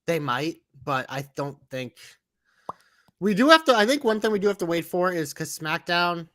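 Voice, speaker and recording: A man's voice: fairly high pitch, moderate pace, dry recording. Man ranting in a dry podcast. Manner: animated ranting, swears freely. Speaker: podcast co-host. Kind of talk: casual wrestling chat.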